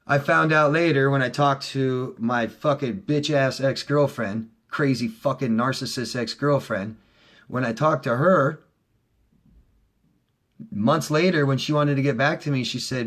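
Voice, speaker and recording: At a moderate pace, a middle-aged man who coaches relationships speaks straight to his viewers, cursing and heated. His volume swings from loud eruptions to hushed, low moments in this casual monologue.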